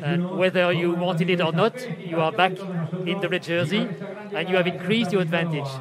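A man's voice: sits high, steady tone, normal speed. A man reporting and asking short interview questions. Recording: loud crowd noise.

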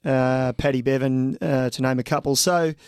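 A man, a former pro cyclist co-hosting a podcast, chatting in an animated, joking way. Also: medium pitch, normal speed, clear, resonant tone, dry recording, clean studio sound. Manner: animated, joking, mate-ish banter. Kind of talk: casual chat.

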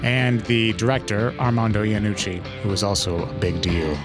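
A man's voice: fairly low pitch, little pitch movement, normal speed, over music. A man co-hosting a film podcast, playful and hyperbolic as he introduces the episode. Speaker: podcast co-host. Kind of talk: energetic podcast intro and chat.

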